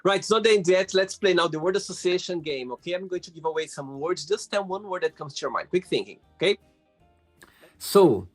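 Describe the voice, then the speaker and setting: A man's voice: sits high, animated, fairly quick, soft background music. A man hosting a casual interview, asking questions with frequent hesitations and fillers. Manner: hesitant, filler-heavy phrasing. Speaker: host.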